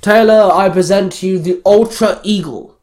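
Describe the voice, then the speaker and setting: A man reading aloud, voicing the Ultra Grid, an ancient power that speaks through a teammate's avatar in a slow, formal way. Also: high voice, darkish tone, pitched above the performer's own voice, close to an everyday voice. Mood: measured.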